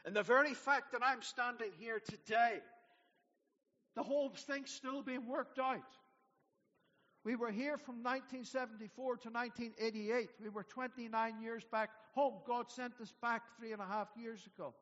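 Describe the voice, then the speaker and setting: A man in his sixties preaching an earnest sermon as pastor, swinging between loud urging and hushed, quiet passages. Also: extremely high pitch, steady tone, moderate pace. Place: church hall. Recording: dull sound in a large hall.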